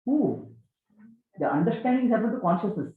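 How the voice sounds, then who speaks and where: A man giving a spiritual talk to a gathering, animated and questioning, repeating key phrases. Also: high voice, brisk. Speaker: spiritual teacher. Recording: echoey, tinny phone-like sound.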